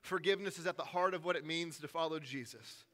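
Pastor in his thirties, bright forceful voice, emphatic yet chatty sermon delivery, loud then hushed. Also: a little high, fast talker. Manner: conversational, emphatic preaching, swinging between forceful and hushed.

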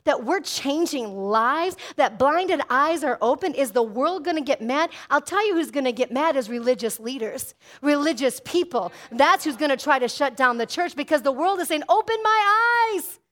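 A middle-aged woman preaches from the pulpit in a high, ringing voice. Her delivery is fervent and driving, punctuated by calls for an amen from the congregation. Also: expressive, moderate pace, hardly any pauses, a bit bright. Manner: fervent preaching with call-and-response amens. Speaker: pastor. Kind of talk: sermon.

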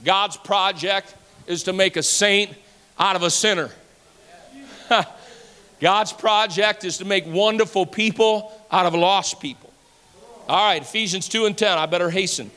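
A male pastor preaches in a church sanctuary, his high, bright voice climbing through repeated refrains until he is shouting. His manner is folksy, with drawled fillers between lines. A long reverb from the hall trails behind every phrase. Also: a little slow, pauses often. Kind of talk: sermon.

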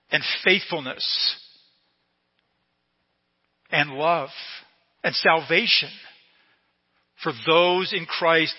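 A middle-aged male pastor preaching a sermon slowly and emphatically, repeating key phrases. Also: a little high. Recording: long reverb in a hall, dull lo-fi sound.

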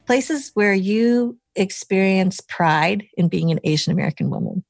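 A woman's voice: mid-range voice, normal speed, vocal fry, no echo. A woman hosting an interview podcast, attentive and giving frequent affirming murmurs. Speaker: podcast host.

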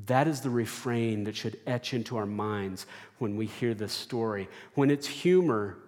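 A male pastor delivers a sermon at an unhurried, measured pace. His voice is pitched in an ordinary middle range. It rings out with the long reverb of a church sanctuary. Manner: slow, building to fervent call-and-response refrains.

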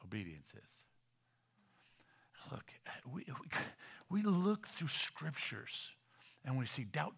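A middle-aged man preaching a sermon as a pastor, swinging from loud emphatic lines to hushed, almost whispered ones and often repeating words as he builds. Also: medium pitch, sing-song, slow, creaky, long pauses, husky.

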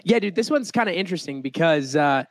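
A man's voice: fairly high pitch, animated, fast talker. A young American man hosting a casual podcast, joking around and laughing often. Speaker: podcast host.

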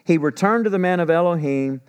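A man's voice: on the high side, a little fast, clear, resonant tone. A man, teaching Bible passages in a folksy, conversational way and acting out the people in the story. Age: 60s. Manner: folksy, paraphrases scripture in a lively conversational voice.

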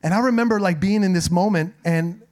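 A middle-aged man preaches a sermon in a high, slightly raspy voice. He tells stories in a loose, conversational way, full of playful asides to the congregation. His pitch sits noticeably above most men's. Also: fairly quick. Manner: conversational, humorous, animated asides. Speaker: pastor. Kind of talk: sermon with storytelling.

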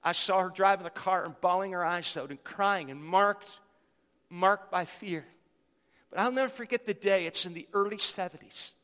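A man's voice: high voice, moderate pace, fairly bright tone, clear, resonant tone, big-room sound. A man in his fifties preaching a fervent sermon as pastor, repeating phrases for emphasis.

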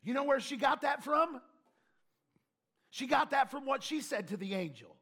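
A man preaching a sermon, telling stories with animated delivery and shouting out lines for emphasis. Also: very high-pitched, moderate pace, gravelly, long pauses.

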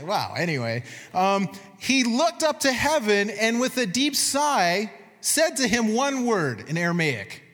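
Lively high-voiced preacher in a reverberant hall. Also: male voice. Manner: animated, laughs at his own points, quotes scripture in commanding tones. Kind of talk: teaching sermon with slides.

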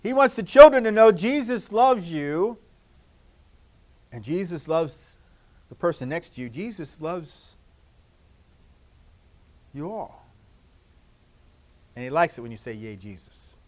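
Gentle high-voiced pastor talking to children. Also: male voice, animated, slow, pauses often. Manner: gentle, repetitive, swings from loud to hushed. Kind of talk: children's sermon.

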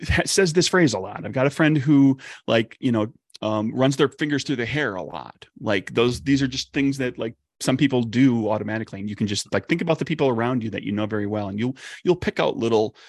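A man's voice: on the low side, creaky, breathy edge, dry recording, studio quality. A man, a game designer, talking casually and rambling with lots of "like" and restarts. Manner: rambling, heavy use of "like" and restarts. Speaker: game designer on a discussion panel. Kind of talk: casual discussion.

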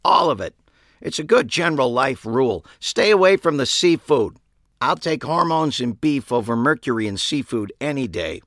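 A man voicing a blunt woman psychic who barks advice and warnings in a bored, dark way. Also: mid-range voice, expressive, normal speed, no echo, clean studio sound, voice pushed up.

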